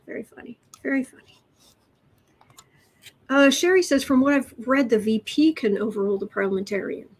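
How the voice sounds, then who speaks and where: Husky chatty woman with a Chicago accent. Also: on the high side, expressive, moderate pace, pauses often. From Chicago, USA. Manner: chatty and wry, trails off and restarts. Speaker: tarot and astrology livestream host. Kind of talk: casual live tarot reading, answering chat. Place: home room with adjustable lighting.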